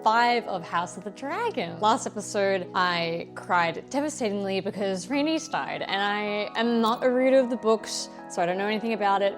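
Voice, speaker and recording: A young woman hosting a reaction video, chatting casually and excitedly, often gasping and exclaiming. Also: medium pitch, normal speed, music in the background.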